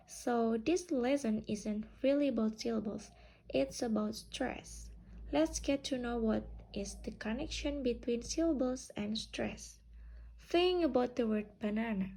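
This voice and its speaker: Slow, gravelly-voiced young woman teaching. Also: fairly high pitch, mellow, low-quality recording. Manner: slow, drawn-out teaching delivery. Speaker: student presenter. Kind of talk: class presentation.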